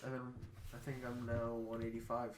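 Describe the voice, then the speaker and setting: An excitable young man on a casual podcast, laughing and swearing as he talks at a mid pitch. The room has a clear echo, with faint noise underneath. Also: brisk. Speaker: podcast co-host. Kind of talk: casual chat.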